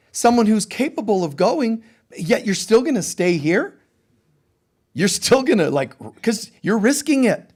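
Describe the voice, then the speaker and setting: Animated high-voiced man preaching. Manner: conversational, animated, jokey asides. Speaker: spiritual teacher. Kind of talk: sermon.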